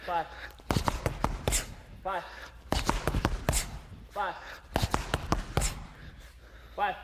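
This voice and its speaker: Man, training partner, terse counts, very slow, echoey hall, loud background noise. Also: sits high, flat delivery. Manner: terse single-word counts. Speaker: training partner calling numbers.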